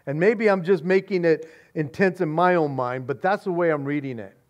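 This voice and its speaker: A man preaching as a pastor, excited and casual, often repeating words and saying "man". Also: on the high side, moderate pace, muffled recording. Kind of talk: expository sermon.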